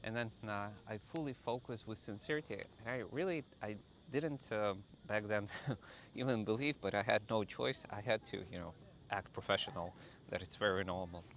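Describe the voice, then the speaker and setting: A man telling a personal story to camera in a halting way, with many filler pauses. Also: on the low side, a bit bright, a little hiss or hum. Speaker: vlogger.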